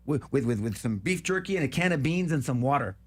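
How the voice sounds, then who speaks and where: A man's voice: medium pitch, expressive, quick pace. A man co-hosting a talk show, giving a fervent, preachy monologue and repeating words as he gets worked up. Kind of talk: passionate opinion monologue.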